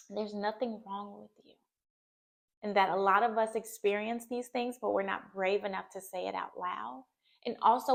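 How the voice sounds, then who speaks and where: Speaking as both a therapist and a mother, a woman with a creaky, mid-range voice gives earnest, reassuring advice to camera. Her talk is heartfelt, and she often checks in with "okay?".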